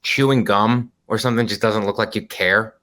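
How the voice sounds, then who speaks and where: A man with a low voice, talking casually on a podcast. He works through his points slowly, with many fillers and restarts. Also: fairly even intonation, bright, forceful tone. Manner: rambling, filler-heavy explaining. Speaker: podcast co-host. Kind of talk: casual chat.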